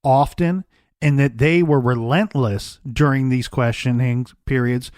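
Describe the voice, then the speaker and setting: A man hosts a true crime podcast and lays out the case in a measured, storytelling way. His voice sits at an ordinary middle pitch. The sound is dry and close, with no room echo. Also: darkish tone. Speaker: podcast co-host.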